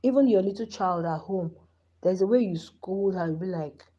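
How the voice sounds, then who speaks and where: A woman's voice: mid-range voice, normal speed, dark tone, muffled recording. A woman in her thirties with a Nigerian accent, hosting a live stream and giving passionate, pleading commentary. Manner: impassioned, pleading.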